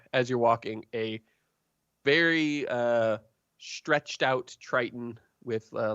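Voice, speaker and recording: A man narrating a tabletop game as game master, halting with many fillers. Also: medium pitch, fairly bright tone, clean tone, no echo. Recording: dull lo-fi stream audio.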